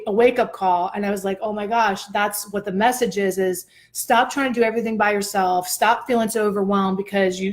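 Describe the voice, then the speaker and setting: A woman host telling a personal story in a casual chat, animated and expressive, often laughing. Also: medium pitch.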